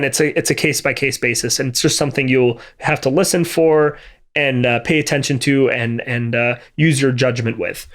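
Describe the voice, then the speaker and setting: A man teaching MIDI drum programming in a methodical, think-aloud way, with frequent fillers and restarts. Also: mid-range voice. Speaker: music production instructor. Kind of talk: screen-recorded tutorial. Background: drum and music playback between remarks.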